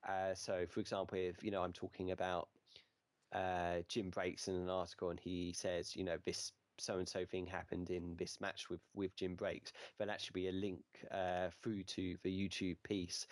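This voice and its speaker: A man's voice: deep voice, no echo. A man being interviewed on a podcast, answering at length in a hesitant way full of fillers and hedging words. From United Kingdom. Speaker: podcast guest, wrestling writer.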